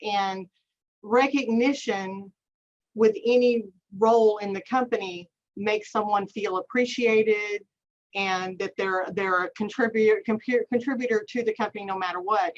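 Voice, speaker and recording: A woman, an HR professional talking earnestly and emotionally on a panel, rambling with many fillers. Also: mid-range voice. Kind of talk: candid panel talk. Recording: dull lo-fi sound.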